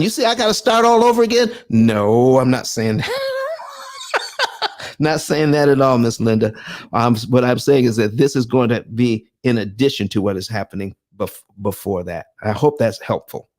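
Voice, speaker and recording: Animated man hosting a livestream. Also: medium pitch. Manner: animated, preacher-like call and response; reads documents aloud, then explains. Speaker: livestream host. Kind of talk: livestream talk reading viewer comments.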